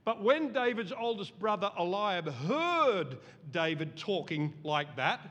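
A middle-aged man preaching a sermon as pastor, animated and acting out voices in the story. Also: high-pitched, slow, lo-fi sound. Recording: long reverb of a large hall.

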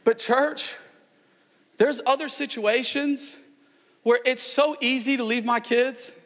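A man in his thirties preaching a sermon in a large church, telling stories with animated energy that climbs to near-shouts. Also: very high-pitched, takes it slowly. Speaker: pastor. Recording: long hall reverb.

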